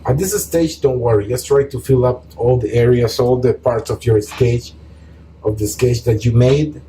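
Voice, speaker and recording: A man calmly explaining a painting tutorial step by step as he works, pausing often with short fillers. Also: mid-range voice, slight background noise, poor audio. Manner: calm, relaxed explaining while painting, with pauses and fillers. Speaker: art teacher.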